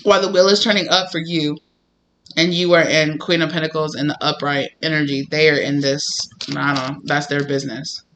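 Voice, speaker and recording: A man giving a casual tarot reading to camera, animated and emphatic, often breaking into laughter. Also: on the high side, fairly quick, a little hiss or hum. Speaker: tarot reader.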